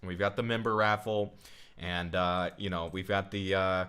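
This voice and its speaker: A man with a low-pitched but bright, forceful voice, talking crudely and mockingly on a livestream. His commentary is loose and casual, full of sarcasm and swearing. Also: flat delivery, moderate pace, smooth. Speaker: streamer reacting to a clip.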